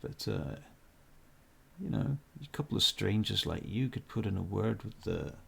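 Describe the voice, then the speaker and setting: A man's voice: fairly low pitch, expressive, normal speed, gravelly, slightly rough, exaggerated voice. A man voicing a chatty, wary male tavern keeper in a tabletop game, talking in a confiding, gossipy way.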